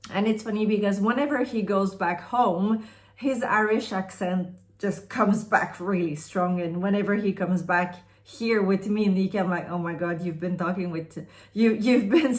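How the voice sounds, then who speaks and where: A Canadian beauty vlogger whose first language is French unboxes and reviews products, chatting in a friendly, rambling way. Her voice is mid-range.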